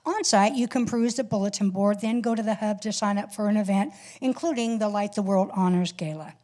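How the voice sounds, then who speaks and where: A woman's voice: medium pitch, fairly quick, dark tone. A woman reading scripted church announcements about activities and the welcome for newcomers. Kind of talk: read announcements.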